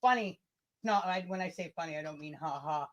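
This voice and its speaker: A woman's voice: low-pitched, brisk, highs cut off. A woman co-hosting a casual podcast chat, indignant, sarcastic and profane. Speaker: podcast co-host.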